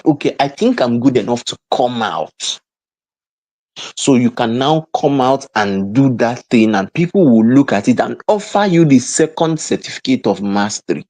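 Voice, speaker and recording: A man's voice: mid-range voice, lively intonation, moderate pace, few pauses, mellow. A man giving a motivational online lesson as a mentor, repeating points and talking to viewers in the chat. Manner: emphatic, repetitive, addresses the chat. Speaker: mentor and coach.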